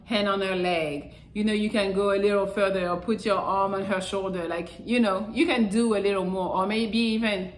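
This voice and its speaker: A woman's voice: mid-range voice, steady tone, moderate pace, hardly any pauses, a little hiss or hum. A young woman giving casual, blunt dating advice, swearing freely and acting out what people say. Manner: blunt and profane, acts out quoted reactions. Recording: echoey room.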